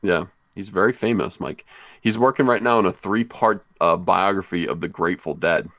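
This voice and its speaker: Brief: man, low voice, dry close sound, deadpan joking livestream chat. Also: moderate pace, no room sound. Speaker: comic book creator.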